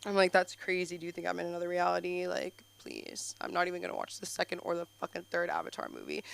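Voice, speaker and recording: Young woman rambling thru a stand-up set, bright smooth voice, says like constantly, jumps from mumbling to shrieking. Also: lowish voice, lively intonation, quick pace, few pauses. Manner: rambling, scattered, full of likes, swings into loud shrieks. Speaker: stand-up comedian. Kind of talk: open-mic stand-up set. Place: comedy club stage.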